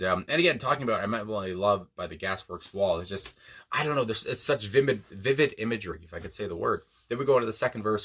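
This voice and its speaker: Male reaction host, bright tone, rambling and chatty. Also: on the low side. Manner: rambling, many fillers and restarts. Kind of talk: casual reaction commentary.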